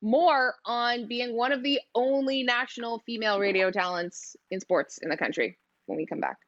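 A woman's voice: fairly high pitch, moderate pace, very noisy. A woman hosting a casual interview show, bubbly and giggly with plenty of fillers. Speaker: podcast host. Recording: dull dry sound.

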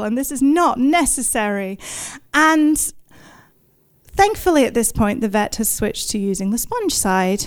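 Her voice a little high and smooth, a woman in her thirties tells an audience a story about herself. She speaks in the present tense, vividly and self-deprecatingly, laughing in bursts.

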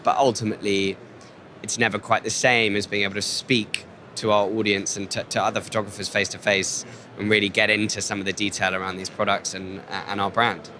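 Casting: man, low voice with a bright edge, polished and measured corporate speaker. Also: flat delivery, a little hiss or hum. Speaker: brand representative. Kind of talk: articulate interview answer. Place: exhibition hall.

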